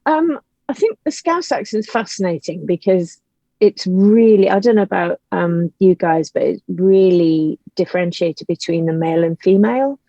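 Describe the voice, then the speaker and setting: Animated woman, soft Liverpool accent. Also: lowish voice, normal speed, no room sound, lo-fi sound. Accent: toned-down Liverpool. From Liverpool, England. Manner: animated, laughing, trailing asides. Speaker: guest, writer and actor. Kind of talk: casual interview chat.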